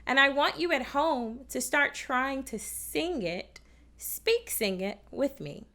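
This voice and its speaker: This kids' TV music lesson features a woman explaining opera to children in a high, animated voice that is pushed and bright yet slow. Her manner toward the audience at home is patient and full of encouragement.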